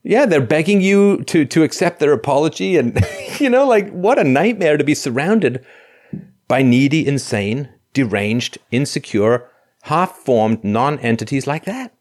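A man hosts a call-in show and tells a story casually, acting out the people in it. His somewhat high voice swings widely, and he stumbles into frequent restarts. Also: measured pace. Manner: animated, stammering restarts, acts out quotes.

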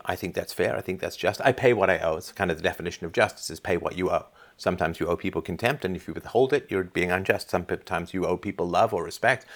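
A man with a very low voice talks through viewer questions on his livestream. He reasons out loud in a casual, argumentative way and checks in with quick tag questions as he makes each point. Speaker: livestream host answering viewer chat. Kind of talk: casual call-in style monologue. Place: home in Canada.

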